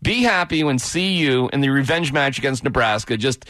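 A man's voice: medium pitch, expressive, moderate pace, fairly bright tone, no echo. A man hosting a sports radio show, taking callers and teasing them in casual banter.

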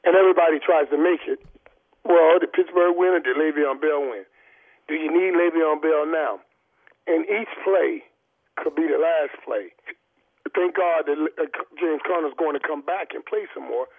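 A man's voice: a little high, normal speed. Emphatic man on a tinny phone line. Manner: emphatic, repeats words, many restarts. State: has hiccups. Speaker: guest football analyst. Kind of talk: sports talk on the phone.

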